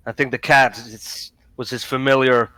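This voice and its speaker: A man's voice: medium pitch, little pitch movement, normal speed, sharp tone, no room sound, poor audio. A man playing a tabletop game, eagerly arguing his case in casual chat. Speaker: player.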